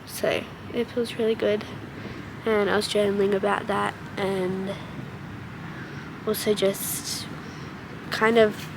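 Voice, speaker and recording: A woman's voice: mid-range voice, little pitch movement, slow, vocal fry, long pauses, noisy background. A young woman chatting casually to the camera in an upbeat, gushing vlog. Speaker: vlogger. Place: outdoors in a park, then at home.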